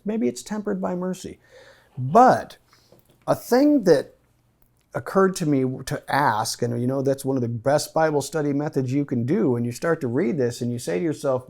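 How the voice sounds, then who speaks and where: A man teaching a small Bible study group, his voice sitting at an ordinary middle pitch. He poses questions to the room and to people online, then thinks out loud about the passage. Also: vocal fry. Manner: questioning, inviting, thinks aloud. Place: meeting room with online participants.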